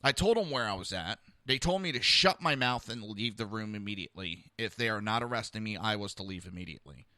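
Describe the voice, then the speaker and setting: A man's voice: fairly low pitch, animated, fairly quick, hardly any pauses, bright, forceful tone, no echo, studio quality. A man hosting a podcast, telling a personal story in a heated, rambling, blunt way. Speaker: podcast host.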